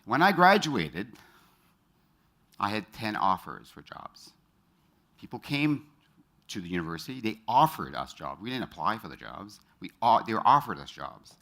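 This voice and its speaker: A man's voice: lowish voice, big pitch swings, bright, forceful tone. A middle-aged man giving a motivational talk on stage, quizzing the audience and telling personal stories. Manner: engages the audience with quick show-of-hands questions; storytelling, personal anecdotes. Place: stage in front of a live audience.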